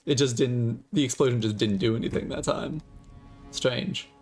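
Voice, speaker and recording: A man's voice: mid-range voice, moderate pace, darkish tone, faint music behind. Joking man streaming a game. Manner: joking, theatrical, profane. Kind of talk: gaming livestream commentary.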